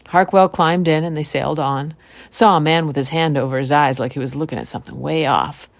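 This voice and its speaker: Low-voiced woman telling a folk tale. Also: fairly quick, vocal fry, no echo. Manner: relaxed folksy telling. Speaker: podcast host.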